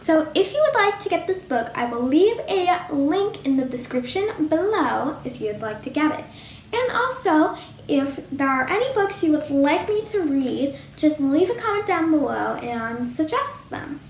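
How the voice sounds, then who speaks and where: A woman reading a picture book aloud as storyteller, in a sing-song, animated way. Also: sits high, a little slow. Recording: roomy with faint hum.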